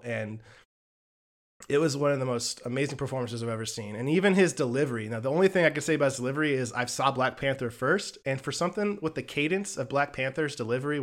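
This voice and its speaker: A man's voice: mid-range voice, quick pace. A man co-hosting a podcast, retelling a film in a casual chat and acting out the quoted lines. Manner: animated storytelling with quoted lines. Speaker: podcast co-host reviewing films.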